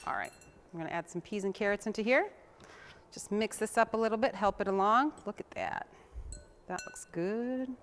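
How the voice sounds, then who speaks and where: A woman's voice: mid-range voice, normal speed, fairly bright tone, a little hiss or hum. Chatty woman hosting a cooking show. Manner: chatty and homey, talks while chopping. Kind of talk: casual cooking demonstration.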